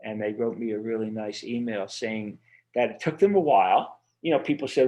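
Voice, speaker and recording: A man's voice: medium pitch, fairly quick, darkish tone. A man being interviewed as an author, talking in an earnest, rambling way with many fillers and restarts over a remote video call. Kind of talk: casual interview conversation.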